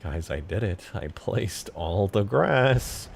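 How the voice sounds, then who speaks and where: A man casually chatting on a live stream about modding a game, excitable and profane, with sudden loud outbursts. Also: deep voice, takes it slowly, creaky, a little hiss or hum. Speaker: game modder streaming his work.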